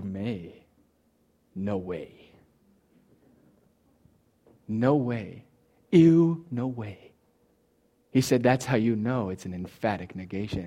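A man preaching a sermon, teaching from Greek words with emphatic, swinging delivery and touches of humor. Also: medium pitch. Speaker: pastor.

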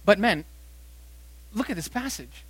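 A man preaching a sermon as pastor, emphatic, repeating phrases and slowing down to stress quoted verses. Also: high-pitched, very animated, a bit bright, breathy edge, no room sound, rough recording.

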